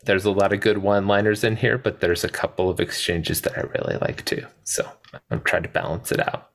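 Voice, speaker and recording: A man's voice: low-pitched, steady tone, a little fast, vocal fry, fairly bright tone. A man co-hosting a podcast, chatting casually and hesitantly, with many fillers and laughs. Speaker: podcast co-host. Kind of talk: casual chat.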